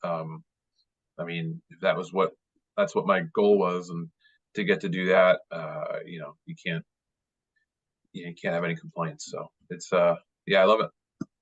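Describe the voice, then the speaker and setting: Low-voiced man rambling fondly on a video call. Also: steady tone, unhurried, long pauses, husky. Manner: rambling, many fillers and restarts, fond and chatty. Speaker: baseball writer, guest speaker. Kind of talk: casual interview over video call. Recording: dull lo-fi video call audio.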